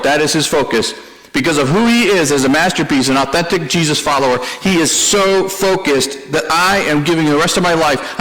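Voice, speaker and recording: Male pastor, higher register, conversational sermon delivery with self-deprecating humor, hall reverb. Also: a bit bright.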